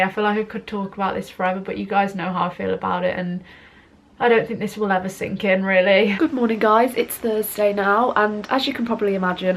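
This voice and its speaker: Chatty young woman vlogging. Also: medium pitch. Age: young adult. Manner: chatty and rambling, laughs often. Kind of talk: casual vlog talk to camera. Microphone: compact camera held close.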